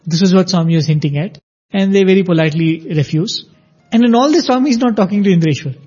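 Male storyteller with a high, dark, husky voice; lively, acts out quotes. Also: quick pace. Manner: animated, acts out quoted dialogue. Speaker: storyteller sharing a devotional anecdote. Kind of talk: conversational spiritual storytelling. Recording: dull lo-fi audio.

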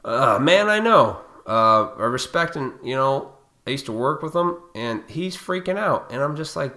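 A man with a bright, forceful voice rants straight at his audience. He is blunt and profane, and he lectures them with heated intensity. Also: medium pitch, animated, normal speed. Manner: heated, fired up. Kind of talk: ranting monologue to viewers.

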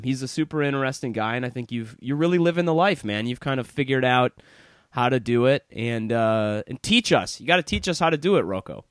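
A podcast host with a medium-pitched, clean-toned voice introduces his guest in a casual interview chat, laughing often. The recording is dry, with clean studio sound.

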